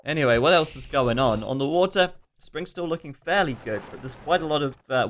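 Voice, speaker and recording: This is a man casting a strategy game match live, in a relaxed and chatty manner. His pitch sits at an ordinary middle level, and he breaks off now and then to read out viewer questions. Quick asides and fillers run through his talk. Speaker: esports commentator.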